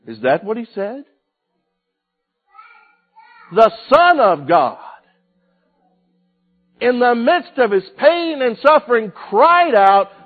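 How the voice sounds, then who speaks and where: A man's voice: very high-pitched, sing-song, slow, pauses often. Dramatic preacher man, tinny phone-like sound. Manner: dramatic, swings from loud cries to hushed tones. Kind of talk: sermon.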